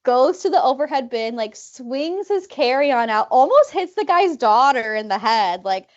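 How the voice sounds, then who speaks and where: A woman co-hosting a podcast, telling a travel story in an animated way, full of "like" fillers and acted-out quotes. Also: sits high, unhurried, lo-fi sound. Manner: animated, many "like" fillers, acts out quoted people. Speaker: podcast co-host. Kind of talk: casual storytelling chat.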